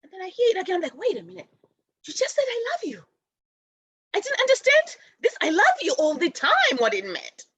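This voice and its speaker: A woman hosting a spiritual talk show, telling stories about her upbringing in an animated way and acting out her relatives' voices. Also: very high-pitched, fairly quick, no room sound. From raised in a village outside America. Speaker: show host.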